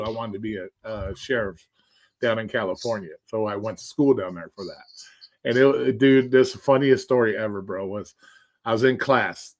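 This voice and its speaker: A man hosting a casual livestream chat, telling profane, animated stories about his past. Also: medium pitch. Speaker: host. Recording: livestream call audio.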